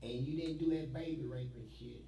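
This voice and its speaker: A man's voice: mid-range voice, brisk, vocal fry, mellow, echoey room, far from the mic, a little hiss or hum, rough recording. A man telling blunt, profane stories from prison life in a streetwise way, recorded in an interview.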